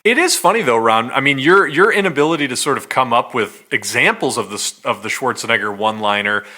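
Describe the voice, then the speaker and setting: Animated bright-voiced man arguing a point. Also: mid-range voice, fast talker. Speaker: podcast co-host. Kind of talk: casual chat.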